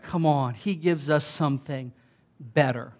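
A man's voice: a little high, lively intonation, measured pace. A man preaching a sermon in an emphatic, conversational way, with lots of asides to the congregation. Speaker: pastor.

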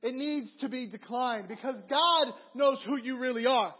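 A man with a very high voice preaches a sermon, winding through animated stories and repeated phrases. The recording is dull, with a long reverb that fills the hall around him. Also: normal speed, slightly rough. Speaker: pastor.

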